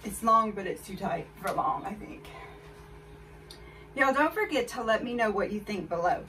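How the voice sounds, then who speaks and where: A fashion haul vlogger chats candidly with her viewers while trying on clothes, her medium-pitched voice lively, pushed, and bright at a normal speed. Soft music plays behind her. She sits a bit far from the mic, with faint background noise.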